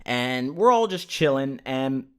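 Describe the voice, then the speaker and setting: A man's voice: medium pitch, lively intonation, measured pace, fairly bright tone, smooth. A young man recounting his own story on his vlog in a casual, joking manner, swearing freely. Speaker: YouTuber.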